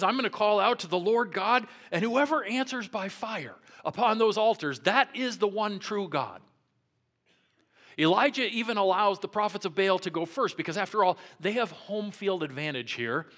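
A man preaching a sermon with a slightly high voice. He acts the story out as he goes, climbing to loud taunts and then sinking to a hush. It sounds like a pastor in full storytelling mode. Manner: dramatic storytelling, swinging from loud taunts to hushed near-whispers.

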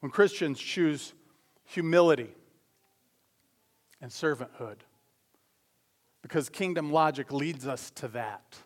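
A man preaching a sermon as pastor, talking conversationally with quick asides and self-corrections. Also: fairly high pitch. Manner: acts out voices in anecdotes.

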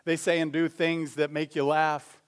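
Conversational male pastor, slightly high voice. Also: level tone, clean tone. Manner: conversational preaching with quick asides and self-corrections; acts out voices in anecdotes. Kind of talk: sermon.

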